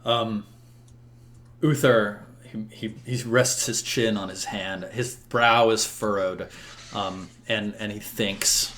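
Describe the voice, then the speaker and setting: A man's voice: fairly low pitch, fairly even intonation, slow pace, fairly bright tone. Hesitant male game master narrating. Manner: hesitant, full of restarts and fillers.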